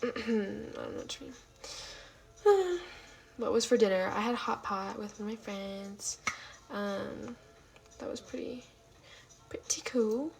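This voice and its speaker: A livestream host chats from home late at night, slow-paced and pausing often, her voice gravelly and full of fry at an ordinary pitch. She wanders from topic to topic with plenty of "um" and "like," responds to chat, and now and then slips into soft half-whispers. The recording is rough.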